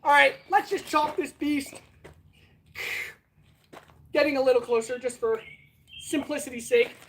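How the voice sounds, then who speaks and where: A woman's voice: sits high, measured pace, slight background noise. A woman hosting a casual livestream, winded as she talks between sword swings and answers viewers. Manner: chatty, answers viewers directly. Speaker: blacksmith livestream host.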